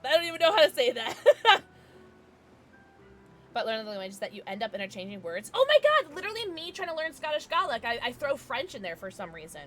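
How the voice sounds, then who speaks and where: A woman's voice: a little high, sing-song, fast talker, fairly bright tone, faint music behind. A woman streamer chatting casually with her live viewers, giggling often as she reacts to the chat.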